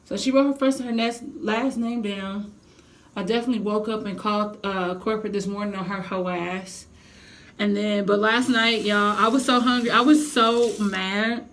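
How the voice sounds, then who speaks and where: Animated, profane woman venting a story. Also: mid-range voice, moderate pace. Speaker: vlogger. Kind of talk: casual storytime vlog.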